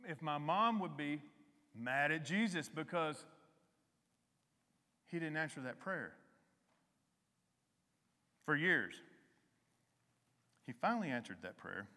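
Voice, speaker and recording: Guy preaching slow in a big echoey church, kinda high voice, talky style. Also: sing-song. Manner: conversational preaching, emphatic rises, soft slow sung hymn. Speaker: lay preacher. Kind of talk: sermon. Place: church hall.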